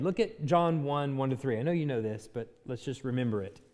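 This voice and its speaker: A man teaching a Bible class from slides, talking in a conversational way and thinking aloud with fillers and quick self-corrections. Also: medium pitch, lively intonation, darkish tone, long reverb tail.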